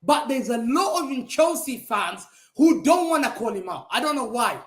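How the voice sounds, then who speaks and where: Male fan-show pundit, high voice, swinging pitch, mocking and emphatic, roomy echo on the recording. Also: moderate pace. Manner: animated, mocking, emphatic repetition. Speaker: football pundit. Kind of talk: heated football fan talk show rant.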